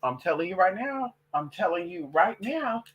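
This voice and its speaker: Trans woman vlogger, very animated pitch, sassy and foul-mouthed, chatty storyteller. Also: normal speed, breathy edge, muffled recording. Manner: sassy, profane, calls listeners honey and girl. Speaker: vlogger and witch. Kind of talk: casual vlog monologue.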